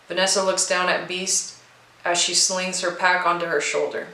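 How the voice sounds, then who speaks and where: Female storybook narrator, bright voice, echoey room, steady and expressive. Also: on the low side, unhurried. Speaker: narrator and co-writer.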